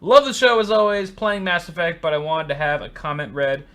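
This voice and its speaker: A man's voice: a little high, a little fast, fairly bright tone. A man co-hosting a casual tech show, reading out donation messages and joking. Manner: joking, reads donor messages aloud. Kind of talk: casual chat.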